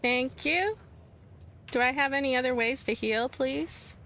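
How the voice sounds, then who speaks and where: A woman's voice: sits high, measured pace, fairly bright tone, a little hiss or hum. Giggly, jumpy let's-play woman. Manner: chatty, jumpy, shrieks and giggles when startled. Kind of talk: casual gameplay commentary.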